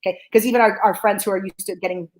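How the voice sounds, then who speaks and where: A woman's voice: medium pitch, racing, poor audio. A woman psychologist hosting a talk, teaching energetically, repeating key phrases and often checking in with "okay?". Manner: animated, repeats phrases for emphasis. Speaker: psychologist host.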